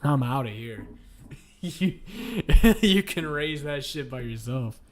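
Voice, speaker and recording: A man's voice: medium pitch, animated, slow. A man streaming and chatting casually, crude and joking, laughing often as he rambles.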